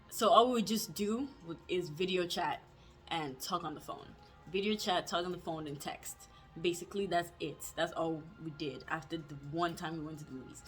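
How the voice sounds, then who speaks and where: A young woman in her student years tells a personal story to her viewers, her voice sitting a little low. She talks casually, leans on "like" as a filler and pokes fun at herself as she goes. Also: a bit bright. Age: young adult. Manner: chatty, full of "like" fillers, self-mocking. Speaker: vlogger.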